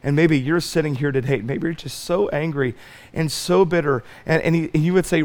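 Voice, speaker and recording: Earnest preaching man, fairly high voice. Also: fairly quick. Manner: earnest preaching that swings from loud stretched emphasis to soft pleading. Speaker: pastor. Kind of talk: sermon. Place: church sanctuary.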